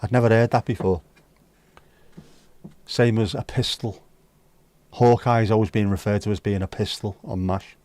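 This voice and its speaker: A man's voice: on the low side, steady tone, moderate pace, pauses often, a little mellow, dry recording. A man hosting a livestream, chatting casually and jokily with his viewers. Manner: chatty, jokey banter. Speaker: livestream host.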